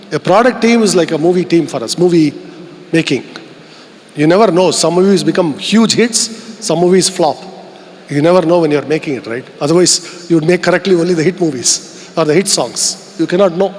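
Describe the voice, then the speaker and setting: A man with an Indian English accent speaks in a fairly high voice, delivering an earnest keynote at a conference. He muses aloud and poses rhetorical questions to the crowd, and his words ring out with the long echo of a large hall.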